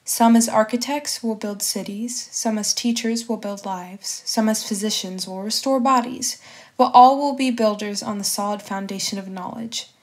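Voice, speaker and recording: A woman reading the part of a wise, calm old male teacher who speaks in measured, solemn sentences. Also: mid-range voice, close to an everyday voice.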